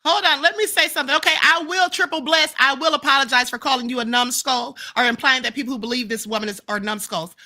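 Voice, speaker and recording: A woman's voice: sits high, fast talker, few pauses, sharp tone. A woman hosting a live-stream commentary show, answering viewer comments in an emphatic, lecturing way and often ending points with "okay?" and "ma'am".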